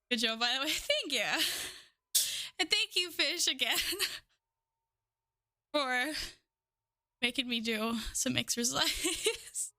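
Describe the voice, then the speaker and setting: A woman's voice: high-pitched, sharp tone. A young woman streaming, chatting casually with her viewers, giggling often, swearing freely and out of breath. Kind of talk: casual live-stream chat.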